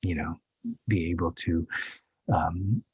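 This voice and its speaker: Male guest actor in his fifties, low raspy voice, candid and hesitant storytelling. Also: fairly even intonation, a little mellow, no echo, highs cut off. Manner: halting and reflective, with many restarts.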